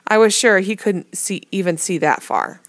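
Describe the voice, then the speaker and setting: A woman's voice: medium pitch, moderate pace, no echo, studio quality. Woman reading a novel aloud. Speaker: reader.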